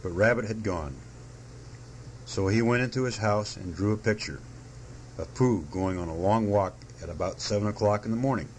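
Low-voiced man reading a storybook. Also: normal speed, a little hiss or hum, low-quality recording. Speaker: narrator.

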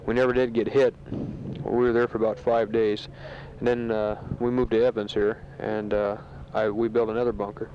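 On an old, dull lo-fi home tape with a little hiss or hum, a soldier speaks a casual letter home from his sandbag bunker in a war zone. His fairly low voice is flat, and he talks matter-of-factly, stumbling through lots of fillers.

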